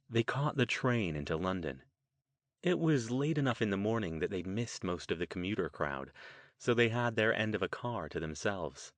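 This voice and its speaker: A man narrating an audiobook in a steady, measured way. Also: on the low side, no room sound. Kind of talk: scripted narration.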